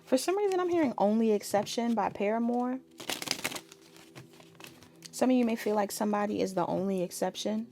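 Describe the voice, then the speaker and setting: A woman's voice: on the high side, animated, a little fast, long pauses, mellow, slight background noise. A woman giving a casual tarot reading, chatting straight to her viewers. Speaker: tarot reader.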